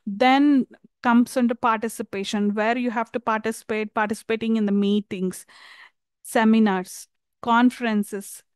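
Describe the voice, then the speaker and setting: A woman from India with an Indian English accent, giving a university lecture on English communication skills, pausing often with fillers and restarts. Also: fairly high pitch, steady tone, clear, resonant tone, no room sound. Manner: hesitant, many fillers and restarts.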